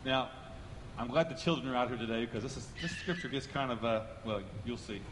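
A male pastor preaching a sermon in church, animated and repeating phrases for emphasis. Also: medium pitch, fast, big-room sound, background noise. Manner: animated, repeats phrases for emphasis, swings from loud preaching to a soft altar call. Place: church sanctuary.

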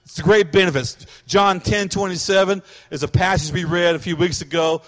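A middle-aged man preaching a sermon as a pastor, animated and quick to act out the voices of people he describes. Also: sits high, long reverb tail.

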